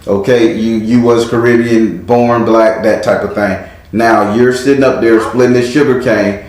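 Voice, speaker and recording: This male tarot reader speaks at medium pitch and normal speed, with fairly even intonation and a darkish tone. His casual past-life reading is crude and direct, told vividly with sound effects, and the room echoes heavily.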